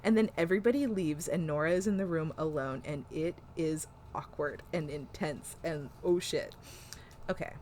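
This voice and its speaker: A woman co-hosting a podcast, recapping an episode in casual, animated chat full of "like" and swearing. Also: low voice, moderate pace, a little hiss or hum. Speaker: podcast co-host.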